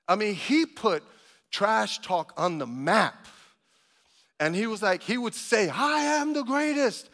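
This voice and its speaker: Bright-voiced man preaching in a hall. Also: high voice, animated, slow, pauses often. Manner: rising to loud emphatic preaching, asks the congregation for amens. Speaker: pastor. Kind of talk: sermon.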